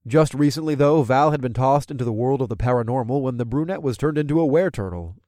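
A man's voice: mid-range voice, fast, warm tone, no room sound, studio quality. A man reading a first-person story aloud in a casual, chuckling manner. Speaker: audiobook narrator. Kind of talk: first-person audiobook narration.

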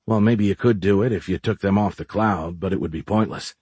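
A man's voice: low voice, a little fast, a little mellow, breathy edge, no echo. A man voicing a weary, resigned tech man. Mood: musing. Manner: tired, musing, resigned.

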